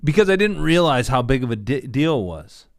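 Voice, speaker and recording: Middle-aged man host, smooth resonant voice, dry close sound. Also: medium pitch, very animated, normal speed, no echo. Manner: rambling, restarts while framing questions. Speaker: podcast host. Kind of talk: casual interview chat.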